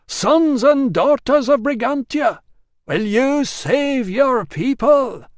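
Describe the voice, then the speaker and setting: A man's voice: fairly high pitch, animated, slow, husky, no room sound, studio quality, heavily acted. A man reading an audiobook, voicing a rousing older storyteller who rallies a crowd with rising calls.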